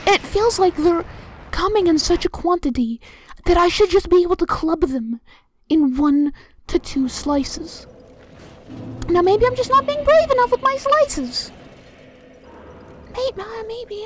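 A woman's voice: extremely high pitch, expressive, unhurried, pauses often, a little hiss or hum. A young woman doing casual, rambling gameplay commentary, talking to herself and getting exasperated as she plays. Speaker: let's play host.

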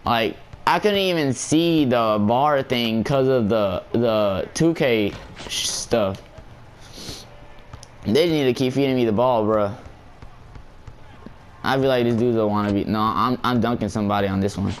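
A man's voice: medium pitch, unhurried, pauses often. Young male gamer, slangy, laughs a lot, easygoing tempo, faint background hum. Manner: giggly, excitable, slangy. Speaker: gameplay YouTuber. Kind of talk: casual gameplay commentary.

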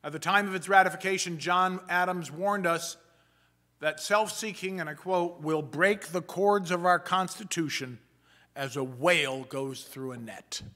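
A man, a pastor, preaching a sermon in a measured, emphatic way and slowing down for quoted passages. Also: high-pitched, pushed and bright. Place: church sanctuary.

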